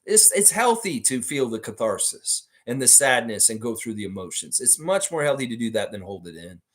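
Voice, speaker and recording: A man's voice: medium pitch, sing-song, brisk, a bit bright. A man hosting a casual sports livestream, reading viewer comments aloud and answering them bluntly, swearing freely. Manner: talks about himself in the third person.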